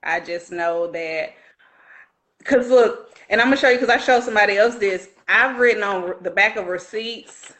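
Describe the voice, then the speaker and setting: Animated Alabama woman telling stories. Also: mid-range voice. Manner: animated storyteller, laughing often. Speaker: author guest. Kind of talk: casual interview.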